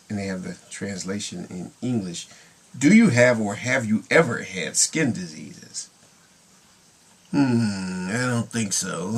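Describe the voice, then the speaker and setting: A man's voice: lowish voice, lively intonation, unhurried, fairly bright tone, slightly rough. A middle-aged man talking casually to camera in a rambling, chuckling way, now and then slipping into Spanish phrases. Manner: rambling, chuckling, drifts between English and Spanish. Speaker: vlogger.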